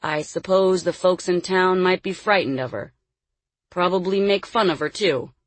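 Brief: a woman doing a sorrowful elderly man, slow to answer, low and husky. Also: no room sound, lightly acted. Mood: sad. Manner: hesitant, reluctant. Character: sad, weary old man, a stable hand.

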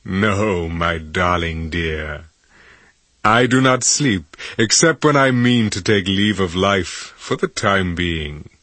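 A man's voice: deep voice, lively intonation, pushed and bright, no echo, heavily acted. Man voicing a formal, passionate ancient king. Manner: grand, formal, slow and emphatic.

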